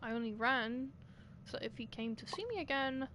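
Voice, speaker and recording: Young woman game streamer, a little high-pitched, chatty play-by-play with sudden shouts at the screen, faint noise under the mic. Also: expressive. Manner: chatty, talks to herself and the game characters, quick bursts of shouting. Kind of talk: live gameplay commentary.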